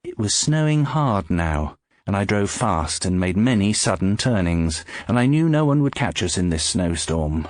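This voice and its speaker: A man narrating an audiobook in scripted, expressive storytelling, close to the mic. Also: sits low, moderate pace, no echo.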